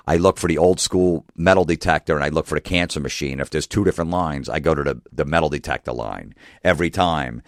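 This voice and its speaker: Very deep-voiced man ranting, exasperated. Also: no echo, studio quality. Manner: exasperated, rapid rhetorical questions. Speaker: comedian. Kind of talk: profane ranting monologue.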